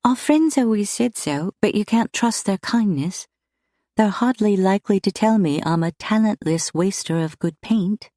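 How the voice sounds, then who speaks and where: A woman's voice: medium pitch, animated, moderate pace, dark tone, no echo, clean studio sound, pitched above the performer's own voice, lightly acted. A woman voicing a timid, earnest young woman painter who speaks eagerly and a little breathlessly.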